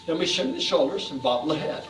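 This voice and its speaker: High-voiced man leading an exercise class. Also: big pitch swings, quick pace, distant mic. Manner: upbeat, coaxing, calls out cues and laughter chants. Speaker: fitness instructor. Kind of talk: guided exercise class instruction. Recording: echoey room, voice off-mic, faint music.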